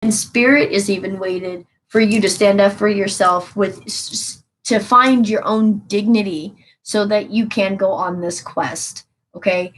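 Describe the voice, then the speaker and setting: Woman tarot reader, chatty, earnest, repeats points for emphasis, mid-pitched everyday voice. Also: steady tone, unhurried, rough recording. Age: adult with children. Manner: earnest, rambling and repetitive, with emphatic advice. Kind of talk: casual spoken tarot reading to viewers.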